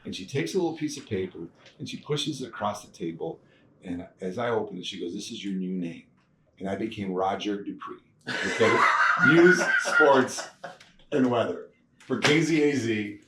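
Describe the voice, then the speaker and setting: A man telling stories from his career in a casual interview, animated, laughing often and acting out the people he quotes. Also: on the low side, normal speed. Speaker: guest, TV producer. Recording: echoey room, mic at a distance, faint noise.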